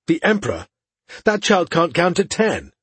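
Brief: man doing a proud male lieutenant, raised and emphatic, husky and dry. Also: mid-range voice, brisk, dry recording. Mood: dismissive.

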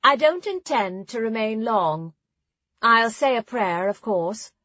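A woman's voice: a little high, animated, slow, pushed and bright, no echo, highs cut off, voice pushed up, exaggerated voice. A woman voicing a haughty noblewoman in her thirties with a smug, mocking manner.

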